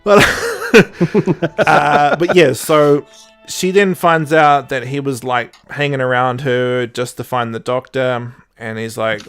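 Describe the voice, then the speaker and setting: A man's voice: mid-range voice, steady tone, slow, a bit bright, clean tone, soft background music. A young man co-hosting a podcast, rambling and sarcastic in casual chat, laughing often. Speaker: podcast co-host.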